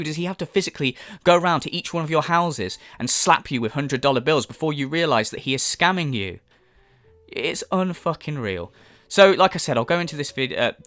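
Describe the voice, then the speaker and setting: A man's voice: on the high side, fairly bright tone, no room sound. Exasperated, profane ranting man. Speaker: commentary channel host. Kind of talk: ranting commentary vlog.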